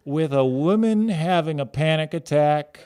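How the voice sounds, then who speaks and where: A man's voice: on the high side, animated, a little slow, dark tone, clear, resonant tone. A man hosting a podcast, chatting casually with wry, joking asides. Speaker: podcast host. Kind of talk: casual chat.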